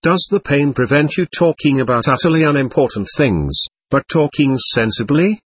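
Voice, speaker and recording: A man's voice: fairly high pitch, expressive, moderate pace, slightly rough, dry recording. A man reading the part of an impetuous, imperious teenage girl who gives urgent, bossy orders. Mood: scolding.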